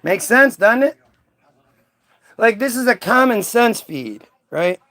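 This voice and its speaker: Streamer, male, high voice; combative, taunting rant at his chat. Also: sing-song, slow, sharp tone. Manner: mocking, confrontational, profane. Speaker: livestream host. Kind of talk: ranting at commenters.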